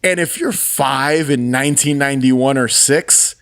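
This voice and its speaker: A man's voice: medium pitch, measured pace, vocal fry. A man in his thirties co-hosting a podcast, chatting casually and telling things with enthusiasm. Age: 30s. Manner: animated, enthusiastic storytelling with laughs. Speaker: podcast co-host. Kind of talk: casual chat.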